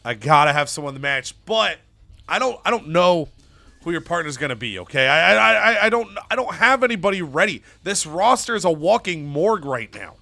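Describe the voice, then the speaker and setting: A man's voice: fairly high pitch, lively intonation, fairly quick, pushed and bright, soft background music. A man voicing a frazzled male wrestling manager who stammers nervously. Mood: flustered.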